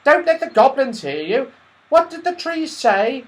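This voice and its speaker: A man voicing an anxious small squirrel in a storybook reading, speaking high and urgently. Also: very animated, slow, fairly bright tone, full character voice. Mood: alarmed.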